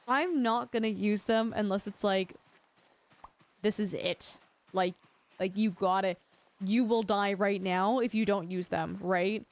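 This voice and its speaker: A young woman talking through a live game stream, higher-pitched than most, chatty and quick to greet her viewers by name as she plays.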